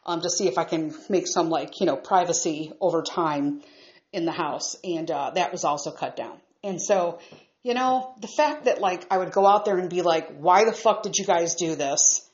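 A woman's voice: fairly low pitch, normal speed, a little mellow, highs cut off. A woman ranting at home in an exasperated, profane, emphatic way. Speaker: vlogger. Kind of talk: angry ranting monologue. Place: upstairs room at home.

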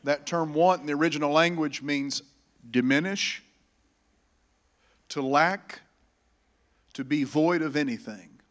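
Pastor, male, mid-high voice, sermon delivery with rising emphasis. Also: unhurried, pauses often. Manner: preaching, swells loud on scripture, calls congregation to repeat. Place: church.

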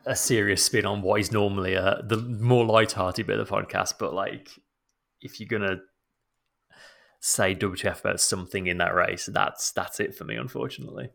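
A man's voice: on the low side, steady tone, normal speed, vocal fry, a bit bright. A man co-hosting a casual podcast, earnest and a little exasperated. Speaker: podcast co-host. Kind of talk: casual chat.

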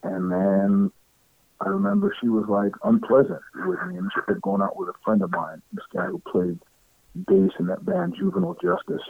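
A man's voice: fairly high pitch, very animated, moderate pace, vocal fry, no room sound. A middle-aged man telling stories in a casual interview, acting out what other people said and laughing often. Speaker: interview guest. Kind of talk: casual storytelling. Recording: tinny phone-like line, dry.

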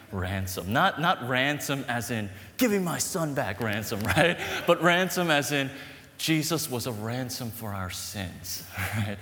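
A man preaching a sermon, animated and emphatic, telling stories with a laugh. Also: mid-range voice, slow. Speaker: pastor. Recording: echoey hall with long reverb.

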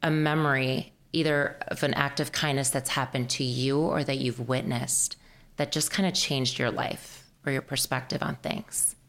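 A woman's voice: very deep voice, steady tone, normal speed, fairly bright tone. A woman hosting a podcast, asking reflective questions of her guest. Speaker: podcast host. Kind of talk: interviewing.

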